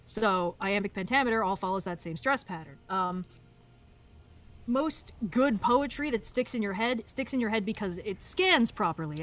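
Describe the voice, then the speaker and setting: A woman co-hosting a casual chat while playing a video game, opinionated and quick to laugh, with a loose, swearing manner. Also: mid-range voice. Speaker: co-host.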